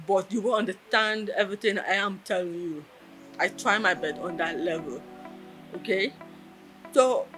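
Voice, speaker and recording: A woman, telling her own story in an interview in an earnest, heartfelt way, with pauses and restarts. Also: mid-range voice, fairly bright tone. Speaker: interviewee, deaf artist.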